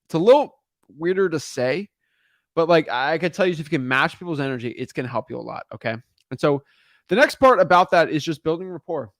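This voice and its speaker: In brisk, expressive speech with a slightly high voice, a man gives a casual monologue on real estate wholesaling, frequently restarting sentences and asking "right?" and "okay?" The studio sound is clean, with no echo.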